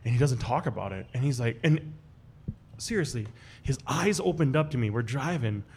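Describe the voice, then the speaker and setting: A man's voice: normal speed, slightly rough. A man telling a personal story in a casual way to a live audience at a restaurant event, slipping into the voices of the people he quotes. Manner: animated, acts out quoted voices with big jumps in pitch. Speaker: guest storyteller on a live podcast show.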